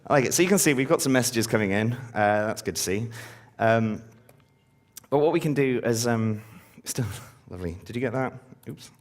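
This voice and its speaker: Speaking at a normal speed in an animated mid-range voice, a man runs a laid-back live-coding session for a conference audience. He leans heavily on ums and uhs and sounds upbeat whenever he draws the listeners in.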